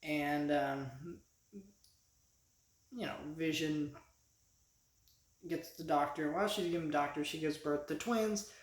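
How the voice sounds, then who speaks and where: A man's voice: a little high, fairly even intonation, slow pace, pauses often, roomy sound. A man giving a casual spoken review as a vlogger, rambling with many restarts and fillers.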